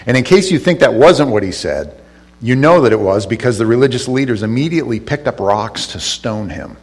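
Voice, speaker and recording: A man's voice: medium pitch, animated, brisk, darkish tone, breathy edge. A male pastor giving a conversational sermon, retelling scripture casually with asides and restarts.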